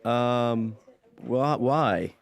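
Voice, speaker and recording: An awkward gravelly slacker son. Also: male voice, medium pitch, very slow. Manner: awkward, hesitant, self-absorbed. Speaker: adult son.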